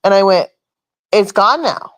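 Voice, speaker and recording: A woman's voice: mid-range voice, measured pace, no room sound. A woman hosting a casual chat, telling a long rambling story and swearing freely. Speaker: host.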